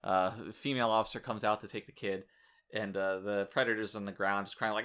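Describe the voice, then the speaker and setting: A man hosting a casual podcast chat, telling animated stories with crude, irreverent humor. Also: on the low side, fairly quick, clear, resonant tone. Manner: animated storyteller, acting out quoted people. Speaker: podcast host.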